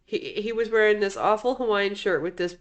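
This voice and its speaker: A woman co-hosting a casual podcast about bad movies, blunt and quick to swear. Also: mid-range voice. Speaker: podcast co-host. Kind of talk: casual movie review chat.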